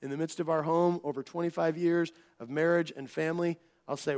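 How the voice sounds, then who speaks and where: A man's voice: fairly high pitch, fairly even intonation, brisk, few pauses, darkish tone. A middle-aged man preaching a sermon, earnest and conversational, often restarting phrases and acting out quoted dialogue. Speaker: pastor.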